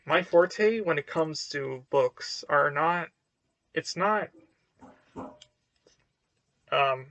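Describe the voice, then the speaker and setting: A man's voice: a little high, fairly bright tone, no room sound. A man giving a casual book review to camera, hesitant and full of fillers and restarts.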